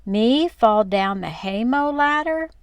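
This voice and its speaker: A woman's voice: medium pitch, very animated, a little slow, vocal fry, sharp tone, no room sound, exaggerated voice. A woman voicing an outspoken little farm girl who talks indignantly and emphatically.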